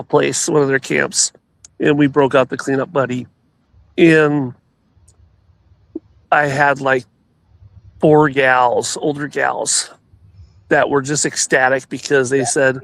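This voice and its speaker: A man's voice: medium pitch, gravelly, a bit bright, no echo. A man telling stories in casual chat on a show, rambling with many restarts and laughs.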